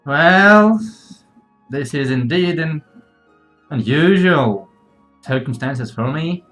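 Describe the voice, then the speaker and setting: A man's voice: on the high side, expressive, takes it slowly, fairly bright tone, soft background music. A man doing a teasing, secretive rogue uncle. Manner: teasing, offhand. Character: roguish elusive uncle, playful and secretive.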